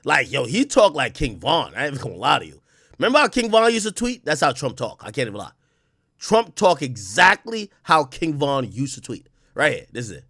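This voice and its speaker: Lively, laughing streamer man. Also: mid-range voice, a little fast, no echo, studio quality. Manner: laughing, profane, incredulous. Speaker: streamer reacting to news clips. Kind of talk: casual reaction commentary.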